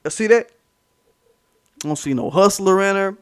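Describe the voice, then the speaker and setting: A fairly high-voiced man hosts his own commentary vlog. He rants hard, swearing and mocking as he goes. He hammers his points home by saying them again and again. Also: normal speed, smooth. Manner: profane, heated, mocking, repeats himself for emphasis. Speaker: commentary channel host.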